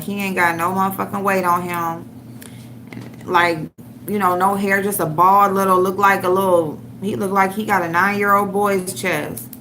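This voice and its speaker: This is a woman hosting an online show, her medium-pitched voice pushed and bright with a little hiss or hum underneath. She rants with heavy profanity, mocking and trash-talking someone while she looks for a clip to share.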